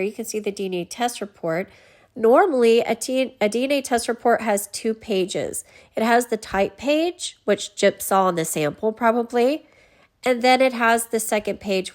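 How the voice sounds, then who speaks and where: A chatty woman commentator with a slightly high voice, explaining things patiently and casually. She talks to her viewers directly and laughs easily.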